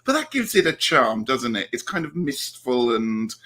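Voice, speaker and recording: A man's voice: mid-range voice, very animated, moderate pace, a bit bright, slightly rough. A man hosting a casual interview, speaking in an enthusiastic, effusive way. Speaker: host.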